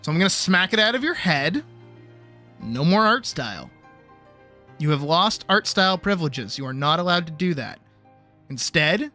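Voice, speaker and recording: A man with a high, bright voice is teaching art on a casual stream. He is blunt, cheeky and profane, and faint music sits under his talk. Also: animated, normal speed. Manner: blunt, teasing, profane, lecturing with playful bravado.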